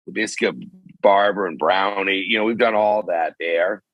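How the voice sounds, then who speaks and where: A middle-aged man, a concert promoter, chatting casually and rambling in animated bursts. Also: deep voice, normal speed, dull audio. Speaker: venue owner and concert promoter. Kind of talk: casual chat. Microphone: phone call.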